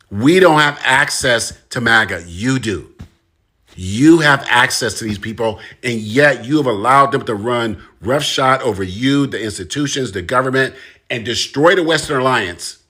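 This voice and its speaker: At a measured pace, a man with a medium-pitched, sharp-toned voice gives a direct, impassioned monologue. As a commentator, he stresses his points by repeating phrases.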